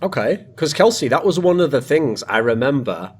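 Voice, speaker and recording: Man, podcast host, casual panel chat, emphatic, rambling asides, mid-pitched voice. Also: expressive, brisk, hardly any pauses, fairly bright tone, husky. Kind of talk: casual esports panel discussion.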